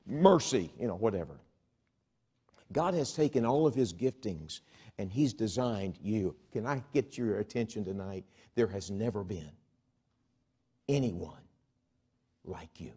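A man preaching a revival sermon as an evangelist in a church, conversational and animated, swinging from soft asides to loud exhortation and acting out the voices of imagined listeners. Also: fairly low pitch, measured pace, pauses often, husky. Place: church sanctuary.

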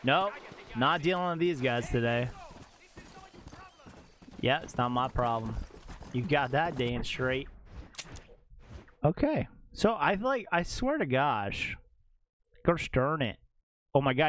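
A young man chatting casually while live-streaming a game at home, excitable and quick to exclaim and laugh. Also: mid-range voice.

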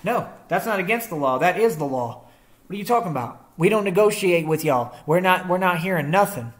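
A man's voice: sits high, animated, brisk, a bit bright. A young man in a confrontational rant to the camera, defiant and combative, using slangy street talk and rhetorical questions. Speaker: vlogger.

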